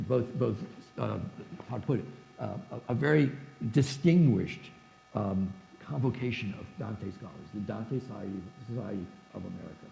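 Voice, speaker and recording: A man in his seventies giving a church forum lecture, halting with many restarts and reading verse aloud. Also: mid-range voice, gravelly, mellow, reverberant, poor audio. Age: 70s. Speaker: guest lecturer. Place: church hall, echoey.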